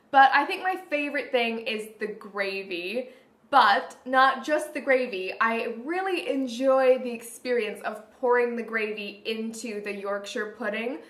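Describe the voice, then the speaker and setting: A woman's voice: fairly high pitch, sharp tone. A Canadian woman vlogging, chatting upbeat to camera and thinking aloud as she answers questions. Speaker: beauty vlogger. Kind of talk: casual chat to camera. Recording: echoey room.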